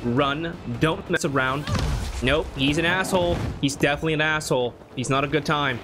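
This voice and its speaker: A man narrating his own horror game run, muttering plans and then shouting in panic when chased. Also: on the high side, a little fast, music in the background. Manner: swings from mumbled planning to panicked yelling. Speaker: gaming YouTuber. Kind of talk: let's play commentary.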